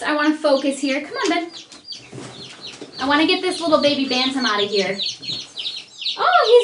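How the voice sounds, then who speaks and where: A young woman vlogging from her homestead and cooing in baby talk to her new chicks. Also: high voice. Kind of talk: casual vlog chat. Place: home, beside a chick brooder. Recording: loud background noise with chicks cheeping.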